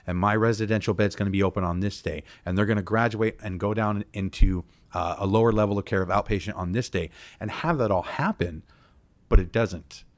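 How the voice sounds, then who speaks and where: A man's voice: fairly low pitch, fairly quick. A man on a community town hall panel, explaining treatment barriers earnestly with frequent fillers. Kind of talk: panel discussion talk.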